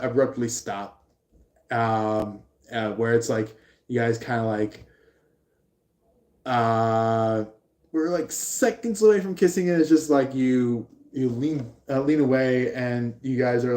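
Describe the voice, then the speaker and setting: Slow, rambling man in a roomy space. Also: mid-range voice, dark tone. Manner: rambling, halting, full of fillers. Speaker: tarot reader. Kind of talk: live tarot reading to viewers. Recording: roomy echo.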